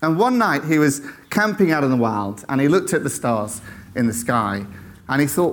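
A man tells a faith story to an audience, animated and acting out the voices of the people in it. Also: mid-range voice, normal speed, slight background noise. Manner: animated, acts out quoted voices, checks in with "right?".

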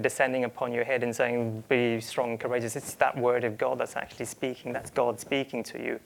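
A man's voice: fairly high pitch, gravelly. A man preaching a sermon, speaking earnestly, often restarting phrases and voicing quoted lines. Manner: earnest, with frequent repeated starts and quoted asides.

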